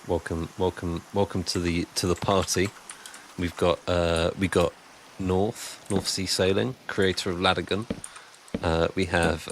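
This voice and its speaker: A man's voice: low-pitched, slight background noise. A man chatting casually and rambling on a live stream while he builds, answering chat as he goes.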